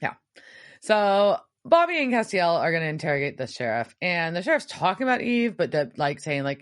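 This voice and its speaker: A woman's voice: mid-range voice, big pitch swings, a little fast, dry recording, studio quality. A woman co-hosting a podcast, casually recapping a TV episode with lots of fillers. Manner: chatty recapping with many fillers. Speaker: podcast co-host.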